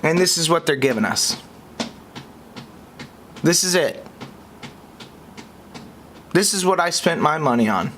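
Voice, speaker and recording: A young man from the United States hosting a podcast, reacting in an exasperated way that swings between high outbursts and low muttering. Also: expressive, unhurried, long pauses, a bit bright, slight background noise. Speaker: podcast host.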